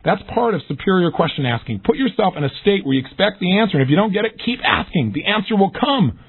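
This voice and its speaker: Animated man with a husky voice on tinny audio. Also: sits high, fast. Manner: energetic, expressive, acts out questions in lively voices. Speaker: motivational speaker. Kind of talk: recorded self-help lesson.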